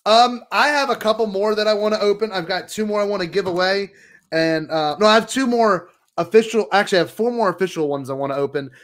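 High-voiced excitable man co-host. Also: quick pace, no room sound. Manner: animated, laughing, nervous excitement. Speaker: podcast co-host. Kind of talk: excited livestream card opening.

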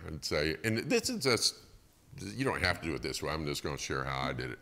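Animated, bright-voiced middle-aged preacher. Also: male voice, rumbling low, brisk, vocal fry. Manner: animated storytelling with acted quotes and chuckles. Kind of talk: sermon. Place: church.

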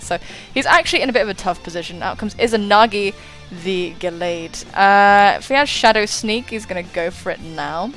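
Woman streamer in her twenties, casual and chatty, average pitch, faint background music. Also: moderate pace, few pauses, a bit bright. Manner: chatty, self-mocking, swears and laughs often. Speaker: gaming YouTuber. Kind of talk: casual battle commentary.

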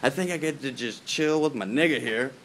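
A man's voice: medium pitch, a little fast, a bit bright, slight background noise. A man ranting casually to camera as a vlogger, profane and laughing, drifting off topic outdoors in the rain. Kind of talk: rambling casual rant to camera.

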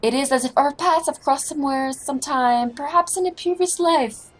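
A woman's voice: sits high, normal speed, pitched above the performer's own voice, close to an everyday voice, low-quality recording. A woman doing a pompous grandiose inspector. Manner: grandiloquent, old-fashioned formal speech. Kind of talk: reading game dialogue aloud.

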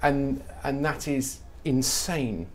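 A man's voice: medium pitch, slow pace, a little hiss or hum. A middle-aged man from England, a comedy writer talking animatedly in an interview and slipping into mock voices when he quotes people. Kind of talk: conversational interview.

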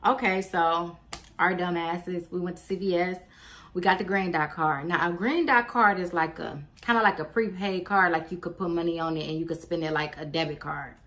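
Woman in her 20s, storytime vlogger: blunt, animated, curses freely. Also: lowish voice, normal speed. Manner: animated, blunt, swears freely, acts out quotes. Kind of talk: casual storytime.

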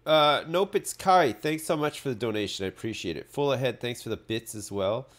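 A man's voice: medium pitch, brisk, few pauses, fairly bright tone. A man streaming live gameplay, commenting in a sarcastic way and swearing freely as he plays. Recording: faint background noise.

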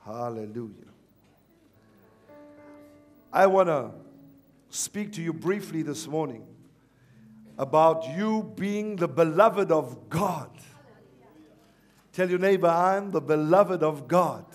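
A male pastor preaching a sermon at a church service, animated and repeatedly calling on the congregation to respond. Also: a little high, slow, pauses often, soft background music. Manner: animated, calls for audience response.

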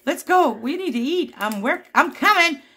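A woman's voice: sits high, lively intonation, moderate pace, bright, forceful tone, voice pushed up, heavily acted. Woman voicing whiny hungry pet dogs. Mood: impatient. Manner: whiny, pleading. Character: hungry impatient pet dogs pestering their owner.

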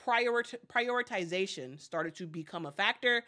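A woman's voice: mid-range voice, lively intonation, moderate pace, pushed and bright. A woman hosting casual sports commentary, chatty and addressing viewers directly, often restarting her sentences.

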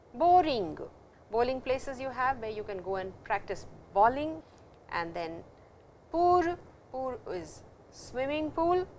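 A woman's voice: on the high side, a little hiss or hum. A woman teaching a language lesson in a patient, explanatory way, repeating key words as she goes. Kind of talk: recorded classroom lecture.

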